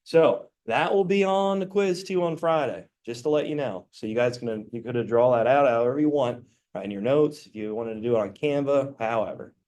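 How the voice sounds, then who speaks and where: A man's voice: medium pitch, moderate pace, hardly any pauses, darkish tone. Casual man lecturing a classroom. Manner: casual, keeps asking "right?". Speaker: teacher. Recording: roomy classroom, mic far off.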